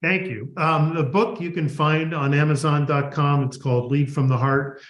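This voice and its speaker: Animated man in an echoey room. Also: fairly high pitch, moderate pace. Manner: animated, acts out dialogue. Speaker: guest author. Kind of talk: interview answer.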